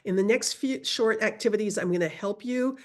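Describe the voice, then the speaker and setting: A woman's voice: mid-range voice, fairly quick. A woman teaching a casual Spanish lesson over a video call, chatty and self-correcting, laughing easily. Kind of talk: casual online language lesson.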